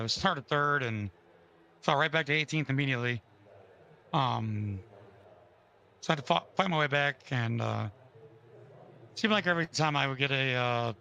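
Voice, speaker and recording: Hoarse, bright-toned sim racing driver. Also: male voice, a little high, dull audio. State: hoarse, losing his voice. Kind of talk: casual post-race interview.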